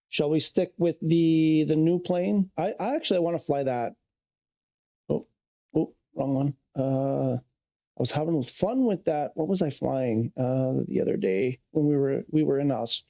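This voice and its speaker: A man's voice: fairly high pitch, dark tone. A man streaming a flight game, chatting casually and thinking aloud as he corrects himself. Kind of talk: casual live-stream chat.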